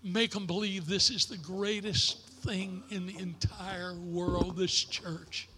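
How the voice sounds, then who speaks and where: An older man preaching a sermon as pastor, in a preacher's cadence that builds to shouted declarations. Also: sits high, level tone, takes it slowly, long reverb tail. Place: church sanctuary.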